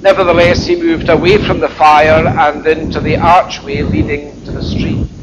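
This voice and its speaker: High-voiced man preaching through wind noise. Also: flat delivery, moderate pace. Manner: reflective, colloquial storytelling. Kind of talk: storytelling sermon. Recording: muffled with loud wind noise.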